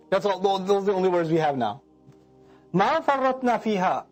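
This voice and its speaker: A man with a bright, high-pitched voice lectures on scripture with lively energy. He recites Arabic verses and acts out emotions as he explains. Soft music plays faintly underneath. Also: normal speed, pauses often. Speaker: Quran lecturer.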